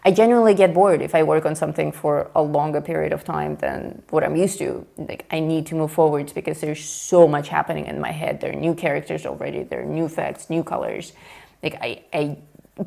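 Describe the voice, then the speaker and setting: Gravelly, low-voiced chatty woman host. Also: fairly even intonation, a little fast, a little mellow. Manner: chatty, laughs easily, explains at length. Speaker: host of a live coloring show. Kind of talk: casual chat while drawing.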